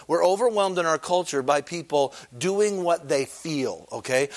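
A man pastor preaching an evening sermon in a conversational way, asking rhetorical questions and reading scripture aloud, clearing his throat now and then. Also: a little high, lively intonation, moderate pace, hardly any pauses. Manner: conversational preaching, frequent rhetorical "okay?" and "amen?"; reads scripture aloud in old-fashioned wording.

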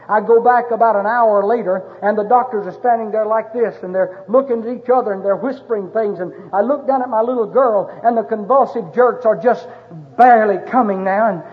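A middle-aged man preaches in a very high voice, telling a personal story with mounting passion. The recording is dull and muffled, and a long reverb rings through the church hall. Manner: impassioned storytelling, rising to shouted pleas. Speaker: pastor. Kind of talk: sermon. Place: church sanctuary.

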